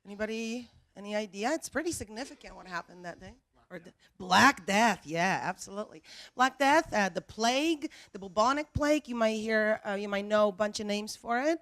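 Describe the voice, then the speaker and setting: A woman's voice: medium pitch, expressive, a little fast, fairly bright tone. A woman professor giving a lecture on a panel, friendly and asking the audience questions.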